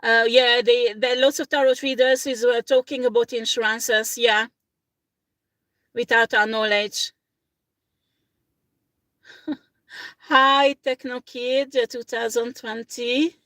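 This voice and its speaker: A woman with a fairly high voice talks loosely to her livestream audience as a tarot reader, rambling and searching for words in halting second-language phrasing. She often breaks into laughter. The sound is dry and close, with no room echo. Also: level tone, a bit bright. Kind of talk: casual livestream chat.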